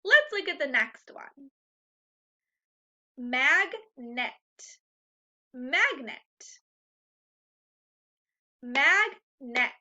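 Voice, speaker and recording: A woman teacher leading a phonics lesson for young children, speaking slowly and clearly, repeating each word three times and cheering the class on, on a slightly dull, lo-fi recording. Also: high-pitched, very animated, sharp tone. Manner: encouraging, upbeat.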